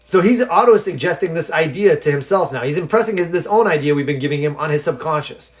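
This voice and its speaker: A man's voice: on the high side, fast, hardly any pauses. A man hosting a live stream, telling a story in a loose, talkative way and acting out the voices of the people in it. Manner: animated storyteller who acts out quoted people in the story; loose and talkative, with fillers and restarts. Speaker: live stream host answering viewer questions.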